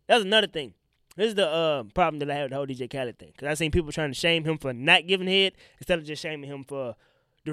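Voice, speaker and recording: A man's voice: a little high, clear, resonant tone, no echo, clean studio sound. A young man with a congested voice and a tiring throat, hosting a casual solo podcast and talking to listeners in loose slang. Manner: loose, slangy and animated, addressing listeners directly. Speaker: podcast host.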